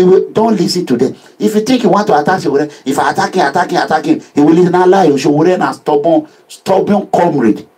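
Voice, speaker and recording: Nigerian male activist, raised husky voice, animated and sermon-like delivery. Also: sits high, low-quality recording. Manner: preachy, animated, uses proverbs. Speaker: political activist. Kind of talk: impassioned social media address.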